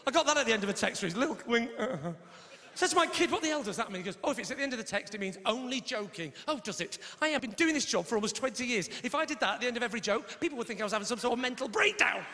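A middle-aged man doing stand-up comedy, swearing and telling stories in animated mimicked voices. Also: very high-pitched, rapid-fire. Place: large hall with a live audience. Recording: live hall echo, faint noise.

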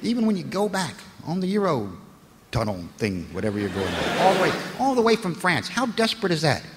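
A foul-mouthed American comic rants through his stand-up set in a slightly high voice, often climbing into loud shouts. His voice carries a long reverb in the club, over loud background noise. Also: wildly swooping pitch, brisk. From United States. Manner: profane, ranting, shifts into loud shouting. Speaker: stand-up comedian. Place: comedy club stage with a live audience.

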